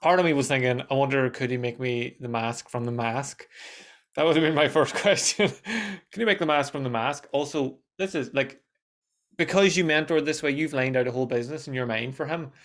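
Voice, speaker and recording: A man hosting a casual podcast conversation, animated and swearing freely. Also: medium pitch. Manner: animated, swears, quick asides.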